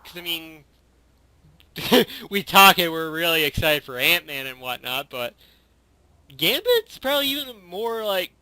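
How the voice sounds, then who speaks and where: On a podcast he co-hosts, a man with a fairly high, animated voice talks a little slowly in a pushed, bright, smooth tone. He keeps the chat easygoing and casual, asking questions and filling it with lots of "likes" and other fillers, all captured in a dry, close recording.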